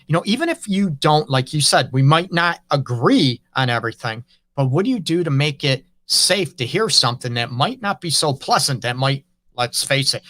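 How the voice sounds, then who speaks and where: A man's voice: fairly high pitch, bright, forceful tone, no echo. A man hosting an interview as a relationship counselor, talking earnestly and frankly in loose run-on phrases. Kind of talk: conversational interview.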